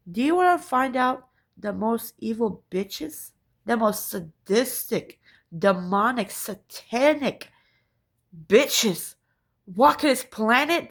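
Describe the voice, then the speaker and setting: A woman with a gravelly, husky voice pitched a little above the usual, delivering a profane rant to camera. She hammers her points with repetition and a constant "right?". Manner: profane, emphatic, repeats phrases and asks "right?". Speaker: spiritual vlogger. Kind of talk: ranting monologue to camera.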